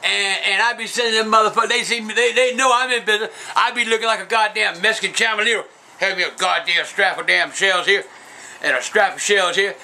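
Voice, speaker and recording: A cranky old trailer-park man, played by a man rants through a comedy Q&A in a strikingly high, piercing voice. He swears constantly, rambles off topic and insults whoever asked the question. His delivery is bright and edged rather than gruff. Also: a little hiss or hum, full character voice, low-quality recording. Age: older. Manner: profane, rambling, insulting ranting. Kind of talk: comedic character Q&A.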